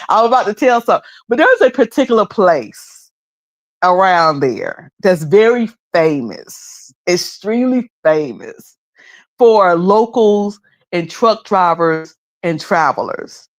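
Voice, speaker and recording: A woman's voice: medium pitch, expressive, takes it slowly, dull audio. Chatty Southern woman streamer, laughing easily. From the Carolinas. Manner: chatty, laughs often, teasing mimicry. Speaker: live streamer. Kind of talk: casual chat with live chat readers.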